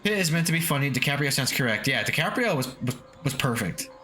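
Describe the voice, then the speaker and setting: A man with a medium-pitched, sing-song voice talks fast, his tone bright and forceful. He's a game streamer chatting casually, reading chat aloud, swearing freely and chuckling often. Faint lofi music plays in the background.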